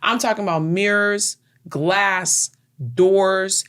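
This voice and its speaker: A woman co-hosting a podcast, telling stories in a lively, casual way and stretching words for emphasis. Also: mid-range voice, takes it slowly. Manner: animated storyteller, drawls words for emphasis. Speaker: podcast co-host. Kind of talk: casual chat.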